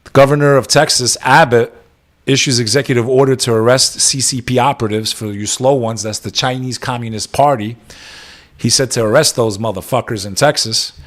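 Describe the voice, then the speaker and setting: A man's voice: medium pitch, steady tone, brisk, fairly bright tone. Brief: New guy, late 30s, solo podcast host, swears a lot, sarcastic rants between headline reads, mid-range voice. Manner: profane, sarcastic ranting, reading headlines aloud. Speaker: podcast host reacting to news. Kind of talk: ranting news reaction podcast.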